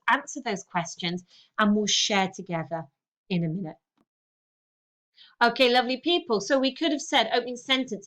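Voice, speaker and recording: A woman teaching a lesson, talking through a text and often saying "okay". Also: on the high side. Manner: lively, talks through a text with frequent "okay"s. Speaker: English teacher. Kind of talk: recorded online lesson.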